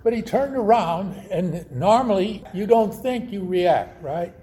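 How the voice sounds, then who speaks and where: Slow, soft-toned male preacher. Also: sits high, expressive. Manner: slow, storytelling with quoted voices. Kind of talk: sermon.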